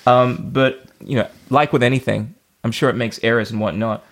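A man's voice: medium pitch, steady tone, moderate pace, a bit bright. A man hosting a podcast, talking in a laid-back, slangy and enthusiastic way. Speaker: podcast host. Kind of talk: casual conversation.

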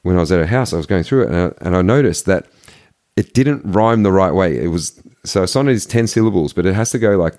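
A man's voice: sits low, quick pace. A man guesting on a podcast, chatting casually and telling stories in a rambling, emphatic way. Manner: rambling, animated storyteller, emphatic. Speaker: podcast guest, poet and yogi. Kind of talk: casual conversation.

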